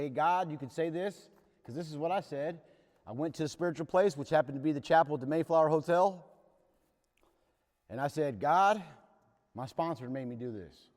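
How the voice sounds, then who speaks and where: His voice fairly high but darkish in tone, a man running a recovery workshop shares his own story with the group in a candid, earnest, plain-spoken manner. The large meeting hall gives him a long, ringing reverb.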